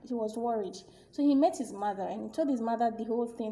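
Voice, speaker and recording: Expressive woman storyteller, fairly high, mellow voice. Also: fast, hardly any pauses. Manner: animated, expressive. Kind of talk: storytelling narration.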